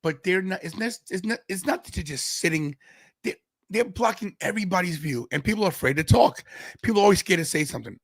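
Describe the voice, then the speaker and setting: A fairly high-voiced man from Brooklyn, tells a story on his podcast. He acts out the other people's lines in quick voices. The sound is close and dry. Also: expressive, slightly rough, dry recording. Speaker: podcast host.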